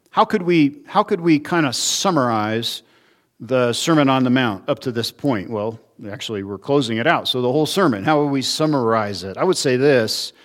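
A man preaching an expository sermon, sounding earnest as he works through the text. He asks rhetorical questions and answers them himself, pressing hard on some words and dropping low on others. His voice sits at an ordinary middle pitch for a man. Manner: earnest teaching, rhetorical questions, varied emphasis. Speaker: pastor.

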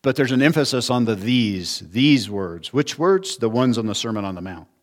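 A man preaching an expository sermon, sounding earnest as he works through the text. He asks rhetorical questions and answers them himself, pressing hard on some words and dropping low on others. His voice sits at an ordinary middle pitch for a man. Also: lively intonation, fast. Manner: earnest teaching, rhetorical questions, varied emphasis. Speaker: pastor.

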